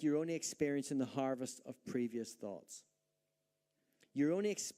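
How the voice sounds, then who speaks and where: A man's voice: a little high, a little mellow. Emphatic man preaching a sermon. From Northern Ireland. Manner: emphatic preaching with rhetorical questions and acted-out doubts. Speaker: pastor.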